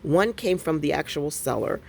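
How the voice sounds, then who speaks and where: A woman's voice: low voice, expressive, normal speed, gravelly, darkish tone, a little hiss or hum. A middle-aged woman, telling a story to her viewers at home with lots of laughter and y'all. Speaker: craft vlogger. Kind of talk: casual chat to camera.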